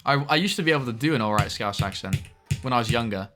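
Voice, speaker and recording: Music plays in the background as a young man streams a game, chatting with viewers, reading chat, and cursing at the game from time to time. He's animated and fast, with a medium-pitched voice.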